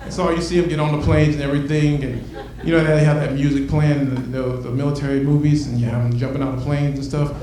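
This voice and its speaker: A man performing a stand-up comedy set, animated, acting out his bits and swinging between loud and soft. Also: fairly high pitch, quick pace, hardly any pauses, a crowd in the background. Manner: animated, acts out bits with shifting loudness. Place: comedy club stage. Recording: echoey room from a distant mic, noisy.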